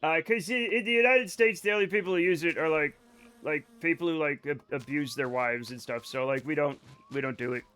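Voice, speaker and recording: A man's voice: fairly high pitch, brisk, sharp tone, clean tone. A young man streaming a game, joking and rambling with his chat, often breaking into giggles. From Scotland. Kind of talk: casual livestream chat while gaming.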